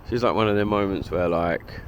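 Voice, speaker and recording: A man's voice: low voice, fairly quick, lo-fi sound. A man from Essex with an Essex accent, chatting in a rambling, slangy way while walking outdoors by a harbour for his vlog. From Essex, England. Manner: rambling, slangy, full of "like" and swearing. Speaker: vlogger. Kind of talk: casual walk-and-talk vlog. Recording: loud wind noise on the mic.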